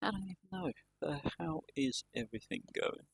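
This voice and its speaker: Tired, gravelly rambling man streamer. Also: on the high side, expressive, brisk, no room sound. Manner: rambling, self-deprecating, tired. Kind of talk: casual live-stream chat.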